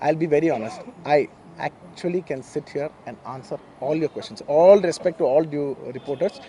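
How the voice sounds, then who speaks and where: Brief: man, Indian English accent, Telugu native, emotional press-meet statement, rapid and a touch high, mellow tone. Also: slight background noise. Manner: emotional, earnest, repeats himself. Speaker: film actor at a press meet.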